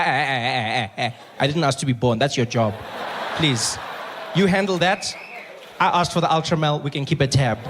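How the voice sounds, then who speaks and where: South African stand-up comic, high voice, animated storyteller; live stage mic with clear background noise. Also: male voice. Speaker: stand-up comedian. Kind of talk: stand-up comedy. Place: comedy stage before an audience.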